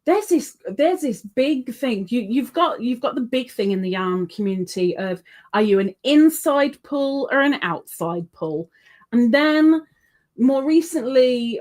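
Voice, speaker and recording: A woman hosting a casual livestream, reading comments aloud and chatting in between. Her voice sits on the higher side and her talk is slow and unhurried. She laughs often as she goes. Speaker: livestream host.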